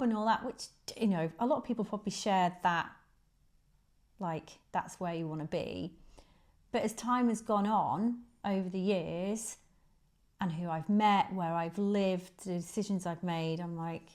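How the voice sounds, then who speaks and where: A woman in her forties, a guest chatting casually, laughing often, her voice jumping up when she gets excited. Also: mid-range voice, measured pace. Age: 40s. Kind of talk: casual chat.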